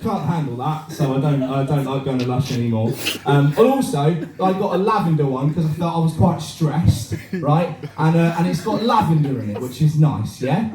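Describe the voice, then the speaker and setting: A man's voice: fairly high pitch, noisy background. A man doing a crude, rambling stand-up set, performing live in a cafe bar. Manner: crude, rambling, animated, swears a lot. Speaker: stand-up comedian. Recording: echoey room, mic heard from far.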